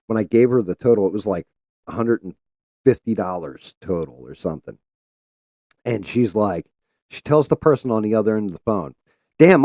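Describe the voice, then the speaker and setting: Low-voiced man hosting a livestream, profane heated ranting, dry close sound. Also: dark tone, no room sound. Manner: profane, heated, mocking quoted callers. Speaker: livestream host. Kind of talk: casual ranting chat. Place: home streaming setup.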